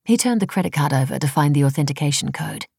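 A woman reading a story aloud in measured, dryly ironic audiobook narration on a close mic. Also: low voice, expressive, vocal fry, a little mellow, slightly rough, no echo.

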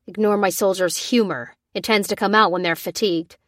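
A woman voicing a gruff, short-tempered male army sergeant who snaps out orders. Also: medium pitch, fairly even intonation, fairly quick, fairly bright tone, no room sound, studio quality, close to an everyday voice.

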